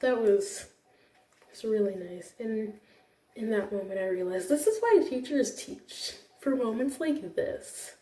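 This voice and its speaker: Her voice sits a little high, mellow and expressive, and she speaks without hurrying. She is a young woman who teaches computer classes, gushing through a casual vlog chat with frequent restarts, captured far off in an echoey room.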